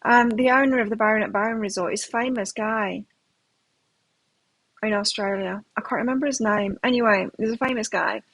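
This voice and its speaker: A middle-aged woman chats her way through a live tarot reading. Her voice is a little husky, recorded dry and close. She rambles and circles back, restarting her sentences as she goes. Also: fairly high pitch, fairly even intonation, fairly quick, fairly bright tone, no room sound, rough recording. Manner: chatty, rambling, with frequent restarts. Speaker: tarot reader.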